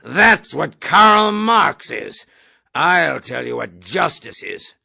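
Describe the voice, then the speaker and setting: A man's voice: on the high side, very animated, takes it slowly, gravelly, pushed and bright, husky, no echo, exaggerated voice. A man voicing a jeering, table-pounding male colonel who rants. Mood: ranting. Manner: jeering, ranting.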